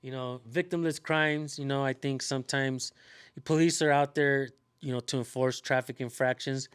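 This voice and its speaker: A man's voice: mid-range voice, fairly even intonation, moderate pace, smooth. A man hosting a casual talk, rambling with many fillers and restarts. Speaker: channel host, activist. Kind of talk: casual conversation.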